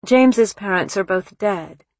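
A woman voicing an eager young college woman who talks in a bright, hurried way, with a husky voice. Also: mid-range voice, dry recording, voice pushed up. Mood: cheerful.

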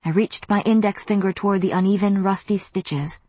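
Low husky woman reading an audiobook, dry close sound. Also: steady tone, normal speed, hardly any pauses, no echo. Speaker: audiobook narrator. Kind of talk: scripted narration.

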